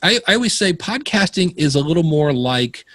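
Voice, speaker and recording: A man's voice: on the high side, sing-song, normal speed, fairly bright tone, no room sound. A man telling stories in a casual podcast interview, often acting out the voices of the people he quotes. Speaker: podcast guest.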